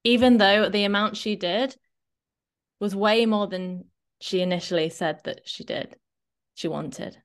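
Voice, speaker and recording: A woman fitness coach co-hosting a podcast, chatting casually and often checking in with a quick "right?". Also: mid-range voice. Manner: chatty, animated, often tags a questioning "right?".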